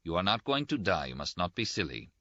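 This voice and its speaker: A stern, curt hospital doctor voiced by a man reading the story. He gives firm, clipped orders in a low voice. The recording sounds dry and slightly dull. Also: sing-song, fairly quick, sharp tone, no echo, heavily acted.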